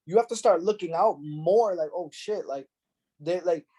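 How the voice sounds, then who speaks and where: A middle-aged man hosting a podcast, telling stories in an animated, profane way and acting out the quotes. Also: high-pitched, normal speed, slightly rough. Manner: animated, profane storyteller who acts out quotes. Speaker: podcast host. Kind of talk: casual podcast chat.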